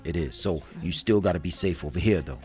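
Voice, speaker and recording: Deep-voiced man, animated slangy co-host. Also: fast, soft background music. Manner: animated, laughing, street slang. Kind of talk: casual chat.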